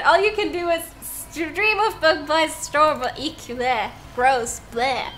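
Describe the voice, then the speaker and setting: A young woman livestreaming a game from home, her voice high and bright. She reads the game text aloud and chats playfully with her viewers, often breaking into giggles, with faint noise under her voice. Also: slow, hardly any pauses. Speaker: streamer. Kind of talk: live-stream gameplay commentary, reading game text aloud.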